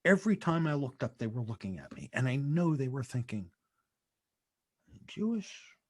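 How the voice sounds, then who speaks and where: A man hosting a comedy podcast, chatting casually and telling stories in an animated, joking way. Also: mid-range voice, fairly quick, husky. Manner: animated, jokey storyteller. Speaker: podcast host.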